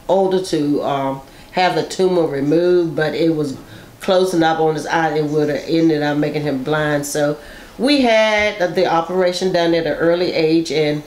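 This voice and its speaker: Older woman, storytelling mother, low-pitched voice, echoey room. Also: a little hiss or hum. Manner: emotional, acts out quoted voices. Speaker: mother telling a family story. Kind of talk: personal storytelling.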